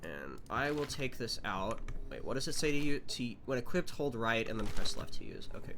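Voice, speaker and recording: A man's voice: mid-range voice, big pitch swings, normal speed, few pauses, fairly bright tone. A man streaming a horror game live, flustered and jumpy, out of breath and swearing when startled.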